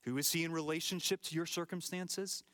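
A middle-aged male pastor preaching a sermon, emphatic, sometimes dropping to a hushed whisper and often repeating words as he builds. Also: on the high side, steady tone, a little fast.

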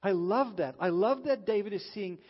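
A man preaching a sermon in an earnest way, pausing dramatically as he quotes scripture. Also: sits high, husky. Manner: earnest, slow, dramatic pauses when quoting scripture. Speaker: pastor. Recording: dull sound with long reverb in a hall.

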